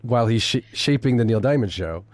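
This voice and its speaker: A man's voice: medium pitch, animated, a little fast, slight background noise. A man hosting a theatre podcast, asking a guest questions in a curious, chatty way. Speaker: podcast host. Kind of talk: interview questions.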